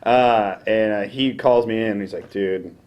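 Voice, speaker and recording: A man's voice: fairly low pitch, fairly even intonation, moderate pace, muffled recording. A young man, a late-night radio DJ, casually telling a rambling, self-deprecating story and acting out the voices in it.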